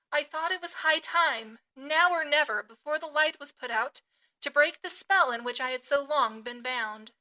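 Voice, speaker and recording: A woman reading a classic novel aloud as a podcast host, with expressive, dramatic phrasing. Her voice is high and bright with a crisp edge.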